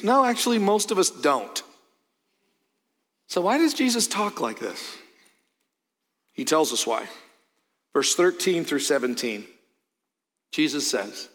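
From the pulpit, a middle-aged pastor preaches a sermon in a fairly high voice, earnest and sing-song, swinging between loud, emphatic peaks and quiet, low asides. He's unhurried, with long pauses, and his words ring with a long reverb through the church sanctuary.

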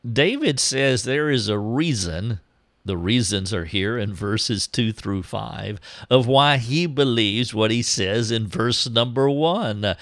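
Slow, gravelly-voiced male preacher. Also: medium pitch, animated, a bit bright, no echo, clean studio sound. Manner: slow and deliberate, reads scripture aloud. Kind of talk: sermon.

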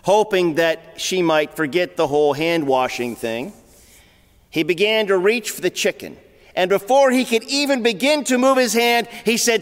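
Male pastor, high voice, earnest storytelling sermon with long hall reverb. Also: animated, normal speed, clear, resonant tone. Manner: earnest storyteller, repeats words as he goes.

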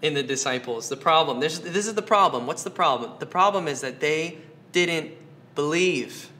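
Bright-voiced man preaching a sermon. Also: fairly high pitch, expressive, normal speed. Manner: earnest, rhetorical questions, repeats phrases. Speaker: pastor.

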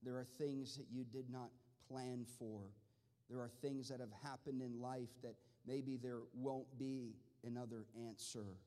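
A man preaching a sermon with passion, moving from quiet, measured talk to loud, pleading outbursts. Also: medium pitch, little pitch movement. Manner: impassioned, swings from quiet to shouting. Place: large church hall. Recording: long hall reverb.

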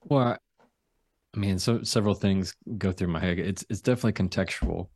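A man with a deep voice, a trial lawyer speaking as a guest over a video call, talking slowly, calmly and deliberately. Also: no echo. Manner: slow, calm, deliberate delivery. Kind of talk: casual interview talk.

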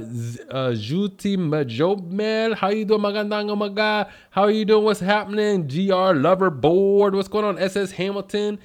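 Upbeat man greeting livestream viewers. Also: high voice. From United States. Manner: upbeat shout-outs, rambling asides. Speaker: livestream host.

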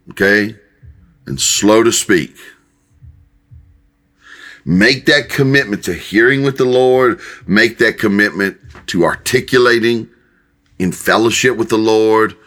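Folksy older man preaching, bright voice. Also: on the low side. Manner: folksy, halting, many restarts and fillers. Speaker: pastor and Bible teacher. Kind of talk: conversational sermon.

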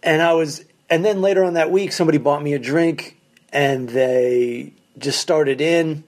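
Male stand-up comic telling road stories solo, fairly high voice, wry and profane, animated. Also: moderate pace. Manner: animated, acts out quoted people in raised voices. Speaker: stand-up comedian, podcast host. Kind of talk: casual storytelling monologue. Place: basement of a condo.

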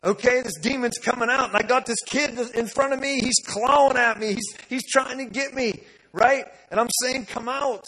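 A man preaching a sermon, telling a story with energy, repeating words and rising to loud declarations. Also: very high voice, moderate pace, slightly rough, low-quality recording. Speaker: pastor. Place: church service.

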